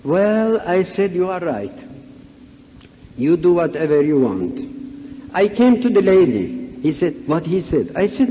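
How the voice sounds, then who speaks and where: A man's voice: high voice, very animated, measured pace, warm tone. A man from Iran with a Persian accent, a native Persian speaker, giving a humorous talk at a conference and acting out the dialogue in his stories. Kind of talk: anecdotal religious talk. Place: large conference hall. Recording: dull echoey hall recording, faint hiss.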